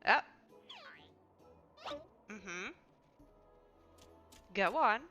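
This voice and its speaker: A woman's voice: medium pitch, lively intonation, very slow, pushed and bright, lo-fi sound, soft background music. A woman streaming a game from home, chatting casually, laughing often and talking to her cat. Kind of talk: casual chat while playing a game.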